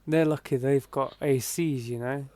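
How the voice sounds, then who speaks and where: A man co-hosts a casual podcast and drops dry, wry comments. His voice sits at an ordinary middle pitch. The recording is close and dead, with no room sound. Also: steady tone, moderate pace, a little mellow, no room sound. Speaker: podcast co-host. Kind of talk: casual chat.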